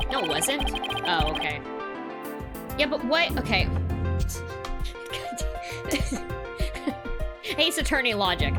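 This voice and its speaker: A woman's voice: fairly high pitch, sing-song, slow, pauses often. Laughing, swearing woman streamer. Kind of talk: live game-stream commentary. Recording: loud game music behind.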